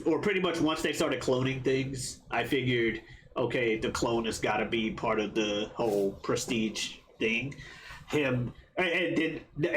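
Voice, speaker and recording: A man's voice: medium pitch, fairly bright tone, slight background noise. A man chatting casually about a film he just watched, rambling and swearing as he acts out his own reactions. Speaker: podcast co-host, first-time viewer. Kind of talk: casual movie review chat.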